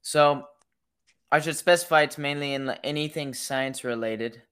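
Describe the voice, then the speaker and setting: A young man in college, a guest on a casual podcast, telling an animated story and acting out the people in it. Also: a little high, normal speed, smooth. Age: young adult. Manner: animated storyteller, acts out the people in his stories.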